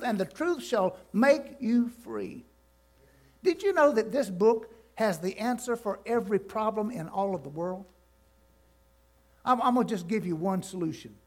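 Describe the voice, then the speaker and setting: An older male pastor preaches with a high, gravelly voice. He swings between soft asides and loud declarations and throws questions out to the congregation. His voice carries a rough, creaky edge throughout. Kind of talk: sermon. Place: church sanctuary.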